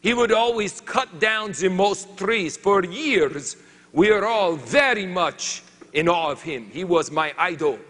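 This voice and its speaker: A man playing a boastful French lumberjack who tells a comic tale in halting, broken English with a put-on French accent, in a reverberant hall. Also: high voice, lively intonation, fairly bright tone, heavily acted. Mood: storytelling.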